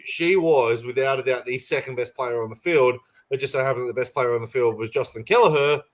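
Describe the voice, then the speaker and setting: A man co-hosting a sports podcast over a remote call, talking passionately and rambling with restarts. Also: medium pitch. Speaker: podcast co-host. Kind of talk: casual sports chat.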